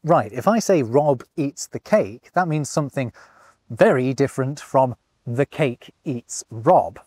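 A man's voice: mid-range voice, expressive, a little slow, darkish tone, no room sound. A man hosting a video and narrating a scripted explainer with enthusiasm, a young father speaking close to the mic. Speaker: host.

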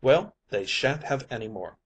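A man's voice: medium pitch, animated, normal speed, husky. A man reading an audiobook, voicing a stern ship's skipper who speaks curtly and dismissively. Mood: firm. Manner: curt, dismissive. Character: stern ship's skipper, male, middle-aged, gruff. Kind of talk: audiobook character voice.

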